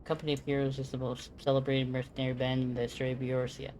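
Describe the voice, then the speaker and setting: A streamer reading the lines of a formal, earnest young scholar from a video game in a measured voice. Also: medium pitch, monotone, a little mellow, a little hiss or hum, lightly acted, poor audio.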